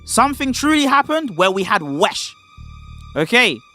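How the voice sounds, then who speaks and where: A man streaming live, talking in a bright, high voice with big swings in pitch. He is emphatic and jokey with his chat, and faint music plays behind him. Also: moderate pace. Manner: animated, emphatic, joking with chat. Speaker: streamer reacting to a debate clip. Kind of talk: casual live-stream commentary.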